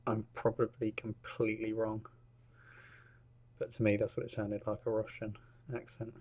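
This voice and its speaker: Man repair tech talking through his work, chatty, low-ish voice. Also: completely flat delivery, moderate pace, dark tone, dull audio. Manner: chatty, commenting as he works. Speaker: repair technician. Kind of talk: narrating a repair while working. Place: repair workshop.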